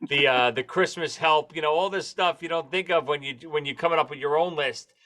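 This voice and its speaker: A man's voice: a little high, a little fast, bright, forceful tone. A man as a guest in a casual chat, reminiscing with enthusiasm and ribbing his friends. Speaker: returning guest.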